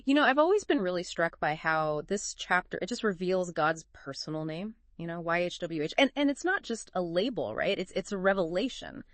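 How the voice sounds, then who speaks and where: A woman's voice: fairly low pitch, big pitch swings, fairly quick, few pauses, dry recording. Chatty woman co-hosting a Bible podcast. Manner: chatty, full of fillers and rhetorical questions. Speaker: podcast co-host. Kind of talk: casual Bible discussion podcast.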